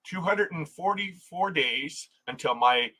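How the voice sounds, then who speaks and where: A man's voice: fairly high pitch, lively intonation, a little slow, bright, forceful tone, rough recording. A man hosting a casual travel livestream, reading viewer comments aloud, chatting and laughing often, restarting his sentences. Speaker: livestream host.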